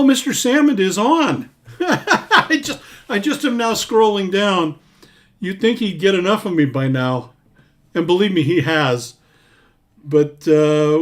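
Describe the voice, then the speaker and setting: A man hosting a casual livestream, chatting and reading out viewers' names as he scrolls through comments. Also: on the high side. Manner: warm, rambling, reads names aloud while scrolling comments. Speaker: singer-songwriter hosting a livestream.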